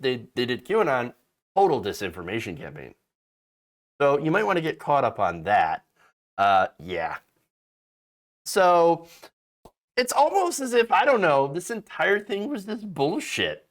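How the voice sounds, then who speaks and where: A man's voice: a little high, very animated, normal speed, a bit bright. A man hosting casual political commentary, sarcastic and mocking, often restarting and stammering mid-sentence.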